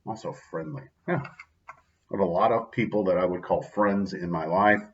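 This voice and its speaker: Man, very low voice, casual daily vlog host, upbeat and sincere, lots of fillers, slightly muffled recording. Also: moderate pace, a little hiss or hum. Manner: upbeat and heartfelt, with frequent "right?" and "um" fillers. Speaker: daily motivational video host. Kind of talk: casual spoken reflection.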